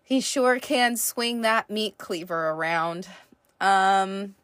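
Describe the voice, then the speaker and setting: A woman's voice: mid-range voice, slow, a bit bright, dry recording. A woman reviewing a TV show in a casual, rambling chat, full of fillers and the odd swear word.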